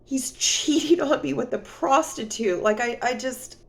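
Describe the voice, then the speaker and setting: A woman's voice: high voice, a little slow, gravelly. A woman telling a personal story in a casual vlog, rambling and full of "you know", sniffly and near tears. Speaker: vlogger.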